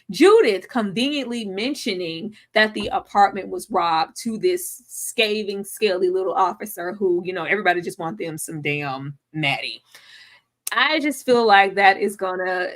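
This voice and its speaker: A woman hosting a live video-call recap, sassy and slangy, acting out characters in quick voices. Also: mid-range voice, fairly bright tone. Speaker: podcast host. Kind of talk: animated live recap chat.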